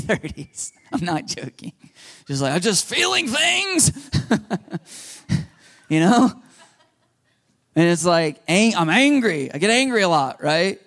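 A man in his thirties delivers a sermon in a relaxed, conversational way. His voice sits a little high for a man. He repeats key points and breaks into short laughs. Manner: conversational, repetitive, laughing asides. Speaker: pastor.

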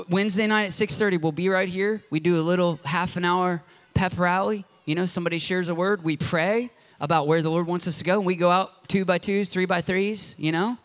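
High-voiced animated preacher, loud bursts. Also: male voice, smooth. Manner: animated storytelling with loud outbursts and jokes. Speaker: pastor. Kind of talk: sermon. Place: church.

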